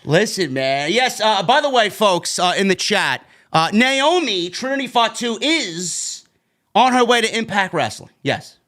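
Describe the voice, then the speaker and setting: A man's voice: sits high, sing-song, measured pace, pushed and bright. A man from New York hosting a livestream wrestling podcast from his home basement, hyped and profane, tagging "man" onto almost every line. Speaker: wrestling show reviewer and host.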